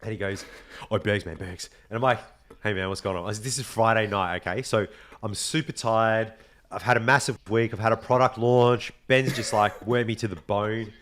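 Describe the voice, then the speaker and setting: Animated Australian man telling a story. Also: lowish voice, a little fast. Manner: animated storyteller, swears freely. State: has a cold. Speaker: podcast host. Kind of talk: casual chat.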